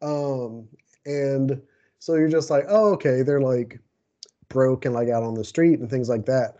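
A man's voice: mid-range voice, fairly even intonation, a little slow, mellow. A man co-hosting a casual podcast chat, rambling along and chuckling often. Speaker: podcast co-host. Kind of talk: casual chat about a TV show. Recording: dull lo-fi recording.

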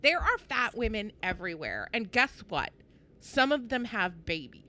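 A woman's voice: mid-range voice, sing-song, moderate pace, bright, forceful tone. A woman co-hosting a casual podcast chat, outspoken and often laughing as she talks. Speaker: podcast co-host.

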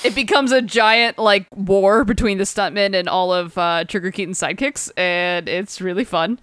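A woman chatting on a podcast, retelling a comic with plenty of laughter and quick character voices. Her voice is smooth and clear, recorded dry and close with no room sound. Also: mid-range voice, fairly even intonation, fairly bright tone, no room sound. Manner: laughing often, acting out character lines in voices. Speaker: podcast co-host. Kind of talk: casual chat recapping a comic.

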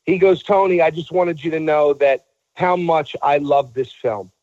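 A man with a fairly high voice tells a story in a casual talk, acting out the people he quotes. The sound is dry and a bit dull, as if recorded on lo-fi gear. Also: moderate pace, darkish tone, dry recording. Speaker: guest telling a story.

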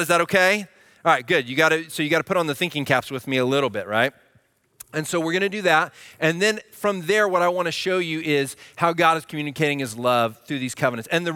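A male pastor delivers a sermon in a relaxed, conversational tone, often stopping to check in with his listeners. His voice is fairly high and bright, and it sounds close and dry with almost no room echo.

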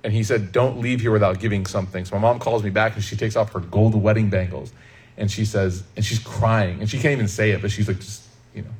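A man from Chicago giving a conversational religious talk, lively and humorous, speaking straight to the audience. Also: fairly low pitch, fairly quick, husky. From Chicago, USA. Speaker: Islamic speaker.

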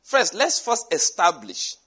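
Male preacher, slightly high and husky, animated storytelling sermon. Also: takes it slowly. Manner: animated, acts out dialogue with shifting voices and laughs.

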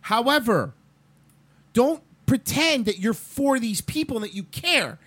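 A man's voice: very high-pitched, very animated, measured pace, bright, forceful tone, husky. A man in a casual talk show discussion, emphatic and stumbling over repeated words when heated.

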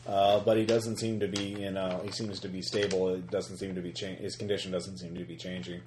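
Guy game mastering a horror rpg, lowish voice, lots of uhs and restarts, faint hiss. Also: level tone, brisk, reverberant. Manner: hesitant, many fillers and restarts. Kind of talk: narrating a tabletop horror game.

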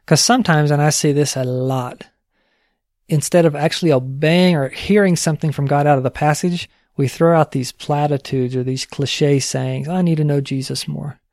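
A man's voice: on the high side, normal speed, a little mellow, no echo, clean studio sound. Earnest man teaching a sermon. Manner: earnest, conversational, asks rhetorical questions. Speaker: pastor teaching discipleship.

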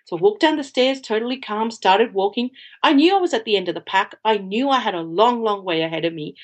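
Woman guest recounting a personal story; animated, emphatic, loves repetition. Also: mid-range voice, a little fast. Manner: animated, emphatic, repeats phrases for effect. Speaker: podcast guest.

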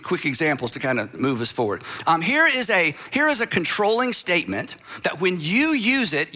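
A man delivers a sermon in an easy, conversational way, leaning on emphasis and slipping into little acted-out quotes. His voice sits high for a man and has a bright, forward edge. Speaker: pastor.

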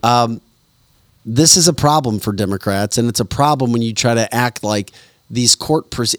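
A man's voice: mid-range voice, no room sound. A man hosting a podcast, giving political commentary with many "um" fillers. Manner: talks it through with many "um" fillers. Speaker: podcast host.

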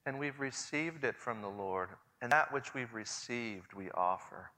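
A man in his forties preaching a sermon earnestly, swinging between hushed and loud passages. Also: mid-range voice, expressive, a little slow. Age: 40s. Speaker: pastor. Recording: long hall reverb.

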